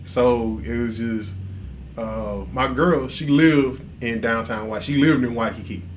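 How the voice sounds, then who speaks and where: A man with a mid-range voice speaks unhurriedly over slight background noise. Co-hosting a podcast, he tells a story in casual, profane language, laughing often and acting out the people involved.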